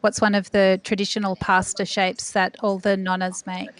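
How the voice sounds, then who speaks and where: A woman's voice: medium pitch, flat delivery, moderate pace, clean tone. A woman hosting a food podcast, speaking in an enthusiastic, effusive way. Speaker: podcast host. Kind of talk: interview and scripted outro.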